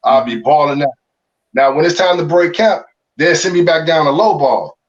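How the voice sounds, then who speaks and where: A middle-aged man from Chicago tells his baseball story in a loose, animated, slangy way, often restarting his sentences. His voice sits a bit high for a man. The recording sounds muffled and a little far from the mic. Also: moderate pace. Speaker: former pro baseball player, guest. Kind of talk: candid interview storytelling.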